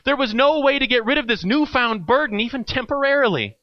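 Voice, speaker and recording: High, lively male storyteller. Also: brisk, no echo, muffled recording. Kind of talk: reading a parable aloud.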